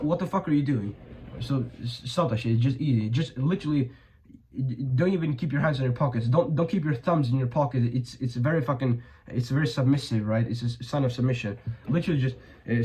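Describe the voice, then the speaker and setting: A young adult male vlogger gives blunt, profane advice in a casual monologue packed with fillers and restarts. His mid-range voice is warm but a bit strained, and the recording is rough.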